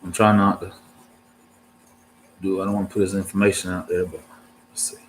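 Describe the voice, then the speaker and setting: A man's voice: low voice, little pitch movement, a little fast, a little hiss or hum. A married man chatting casually to his viewers as a reptile keeper, with a laid-back, slangy way of talking full of "dude" and "man". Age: adult, married. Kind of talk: casual rambling chat to viewers.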